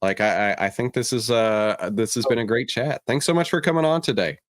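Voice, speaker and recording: A male host talks markets in a relaxed, joking way. His voice sits at an ordinary pitch. The recording is dry and close. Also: a little fast, no echo. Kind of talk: casual finance chat.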